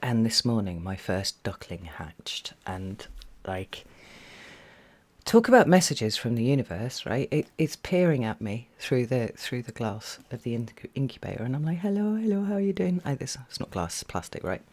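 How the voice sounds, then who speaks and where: A man with a fairly low voice gives a casual tarot reading straight to his viewers. He talks in a loose, meandering way, full of fillers and restarts. At times he drops into a soft half-whisper. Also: big pitch swings, normal speed. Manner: chatty and meandering, with many fillers. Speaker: tarot reader.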